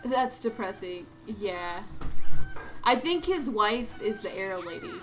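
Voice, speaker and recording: A young woman on a desk microphone chatting casually and reacting out loud while she plays a video game. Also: medium pitch, sing-song, unhurried, music in the background. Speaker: streamer.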